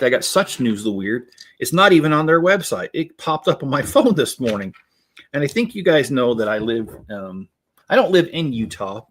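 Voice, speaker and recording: A man chatting casually on a livestream as he builds, in a voice of ordinary middle pitch. His talk rambles, full of ums and restarts, and he often breaks into laughter. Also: a little hiss or hum. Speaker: livestream host building Lego.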